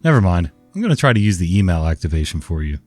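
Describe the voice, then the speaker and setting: A tired help-desk worker stays politely on script, his lowish voice rising and falling with a lively lilt, as a man reads him. Faint guitar sits under a dry, close sound. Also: fast, no echo. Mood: patient. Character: patient, weary male help-desk worker.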